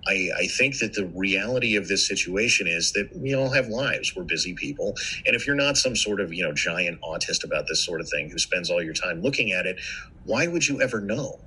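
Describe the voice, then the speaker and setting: Low, husky man with a bright edge. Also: lively intonation, fairly quick, rough recording. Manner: conversational, argues with rhetorical questions. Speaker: podcast guest. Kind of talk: casual podcast discussion.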